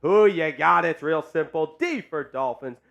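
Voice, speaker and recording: A man hosting a casual live sports chat stream, hyped and joking as he shouts out viewers. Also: a little high, expressive, measured pace, creaky, dull audio. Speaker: sports show host.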